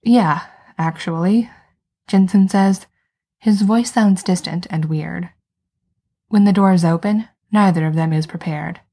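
Husky woman reading a story aloud. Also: on the low side, measured pace, dark tone. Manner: wry, conversational storytelling. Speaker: narrator. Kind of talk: fan fiction read aloud.

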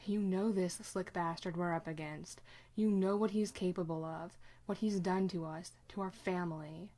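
A woman reads a hard-edged young demon hunter, an older brother who presses without letting up. His voice sits low and talks bluntly, with the force of someone used to giving orders in an audiobook story. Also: steady tone, normal speed, warm tone, lightly acted. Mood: quiet pressing. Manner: blunt, pressing, raised intensity.

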